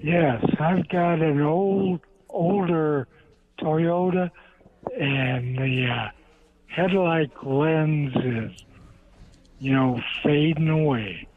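An older man calling in to a radio show, speaking hesitantly with many pauses. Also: fairly high pitch, slight background noise. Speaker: caller. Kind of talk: phone-in question. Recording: tinny phone line.

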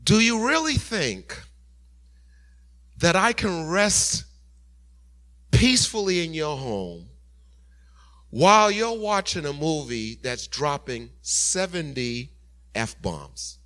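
A man voicing the Holy Spirit as a gentle male divine voice during a sermon story, asking slow, reproving questions. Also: a little high, very animated, pitched above the performer's own voice, exaggerated voice. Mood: gently probing.

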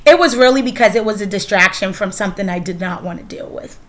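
A woman's voice: medium pitch, quick pace. A woman in her thirties hosting a casual chat, candid and swearing freely, with lots of fillers. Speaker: podcast host.

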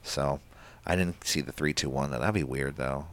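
A man with a very low voice leads a casual podcast chat, rambling from one point to the next with plenty of ums and uhs. The sound is dry and close, with no room around it. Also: moderate pace, a bit bright, no echo. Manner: rambling, filler-heavy, leads the rundown. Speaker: podcast co-host. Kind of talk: casual wrestling recap chat.

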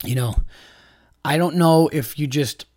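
A man's voice: fairly high pitch, measured pace, darkish tone, no room sound, studio quality. A young adult man hosting a podcast, ranting in an exasperated, profane, repetitive way. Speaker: podcast host. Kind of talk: casual ranting monologue.

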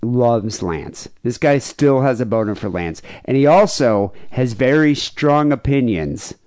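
A man's voice: mid-range voice, animated, measured pace, a little mellow, dry recording, clean studio sound. A man hosting a podcast, chatting casually with loose, offhand jokes. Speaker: host.

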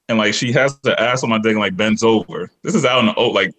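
A man telling a long, animated story on a casual podcast, acting out other people's lines. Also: medium pitch, fast. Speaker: podcast guest.

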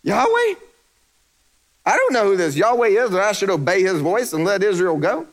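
A man's voice: very animated, normal speed. A man preaching who voices a scoffing, mocking male Egyptian king in a sermon. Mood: defiant. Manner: incredulous, high-pitched sneering put-on voice. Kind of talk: sermon storytelling.

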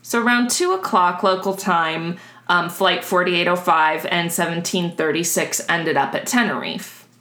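A woman's voice: on the low side, unhurried, bright, forceful tone. A woman co-hosting a podcast, telling a story in a casual, chatty way and laughing often. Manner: chatty, laughs often, restarts while explaining. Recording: roomy echo.

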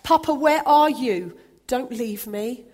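A woman's voice: sits high, slow pace, a little mellow. A woman reading aloud, voicing a suffering man who cries out in anguish and pleads.

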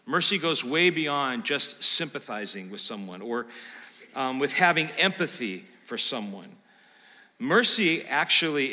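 Bright-voiced pastor in a reverberant sanctuary. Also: male voice, mid-range voice. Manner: animated, plays out imagined listener lines, quizzes the congregation. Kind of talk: sermon. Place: church sanctuary. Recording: long hall reverb.

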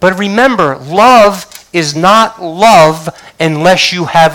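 A man's voice: sits high, slow pace, hardly any pauses, a bit bright, poor audio. A male pastor preaching a church sermon, reading scripture aloud and questioning his congregation.

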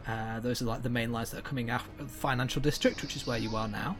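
A game master narrating a tabletop game with many pauses, hesitations and easy laughter. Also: mid-range voice, fairly even intonation, a bit bright, soft background music. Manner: rambling, lots of uhs, laughs easily.

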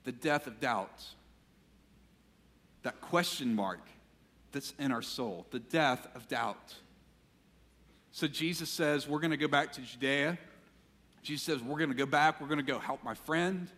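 A man preaching a sermon as pastor, animated when acting out quotes and dropping to a quiet, intense voice for emphasis. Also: mid-range voice, unhurried, pauses often, in a large hall. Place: church sanctuary.

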